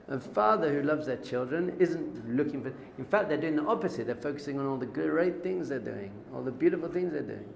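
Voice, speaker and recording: A middle-aged man, a rabbi teaching an informal Torah class, lively and joking, acting out little dialogues. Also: a little high, normal speed, vocal fry. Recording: echoey room with faint noise.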